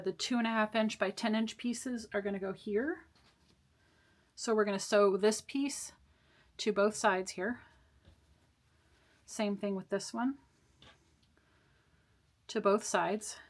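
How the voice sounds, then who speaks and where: A woman walks through a sewing project step by step in a relaxed, chatty way. She reassures the listener as she goes, with the odd small laugh and filler. Her voice sits at an average pitch. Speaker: sewing tutorial host. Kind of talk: casual step-by-step sewing instruction.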